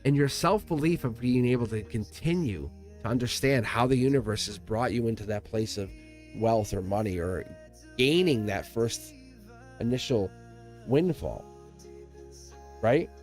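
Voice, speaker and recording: A man's voice: medium pitch, lively intonation, unhurried, pauses often, a little mellow, faint music behind. Earnest rambling male tarot reader. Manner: earnest, rambling, repeats phrases, self-corrects. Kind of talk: live tarot reading to viewers.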